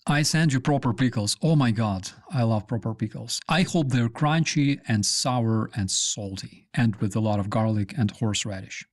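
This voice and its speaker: A man's voice: medium pitch, normal speed, few pauses. A man hosting a live stream, rambling casually with many fillers and restarts.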